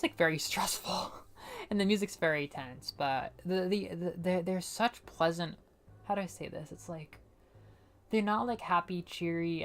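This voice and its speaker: A young American woman streaming a game, chatting casually in a rambling, filler-heavy way and quick to laugh and apologize. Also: low-pitched, vocal fry. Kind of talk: casual live-stream commentary.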